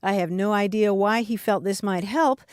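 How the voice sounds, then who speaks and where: A woman's voice: mid-range voice, normal speed, clear, resonant tone, no room sound, studio quality. A woman co-hosting a radio talk show about language, reading listener emails aloud in a casual, chatty way. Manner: reads listener emails aloud, warm laughing asides.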